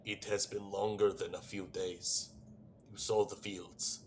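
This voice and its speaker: Man playing a calm protective soldier, measured and quiet, lowish voice. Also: slight background noise.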